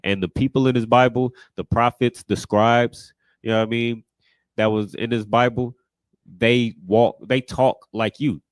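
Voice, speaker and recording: A man's voice: medium pitch, fairly even intonation, a little slow, no room sound. A man teaching a scripture class in a casual, conversational way, often repeating "you know what I mean".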